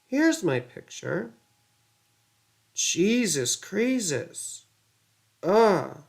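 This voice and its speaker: Slow-talking, easily flustered woman astrologer. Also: deep voice, lively intonation. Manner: easily flustered, swears under breath, rambling asides. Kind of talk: casual livestream astrology lesson.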